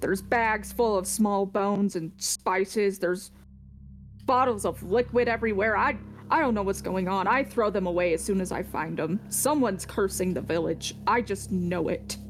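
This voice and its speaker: A woman voicing a grumpy old man who sells cheese at a market, talking in a blunt, gruff way. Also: mid-range voice, moderate pace, a little hiss or hum, close to an everyday voice. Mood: worried.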